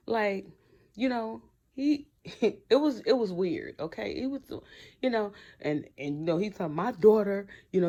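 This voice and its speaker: A woman's voice: mid-range voice, unhurried. A woman recapping a TV episode in casual chat, blunt and slangy, talking straight to her viewers. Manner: blunt, slangy and animated, talks to viewers directly. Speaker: TV episode reviewer.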